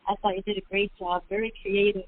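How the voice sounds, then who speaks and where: A woman's voice: medium pitch, level tone, quick pace. A woman co-hosting an online poetry radio show, chatting and giving friendly praise. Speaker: co-host. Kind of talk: casual radio chat. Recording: tinny phone line.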